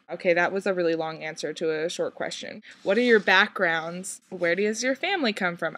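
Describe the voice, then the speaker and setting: A woman's voice: fairly low pitch, a bit bright. A young woman answering viewer questions in a casual vlog, giggling, swearing freely and rambling with lots of "like". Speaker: vlogger on a shared channel.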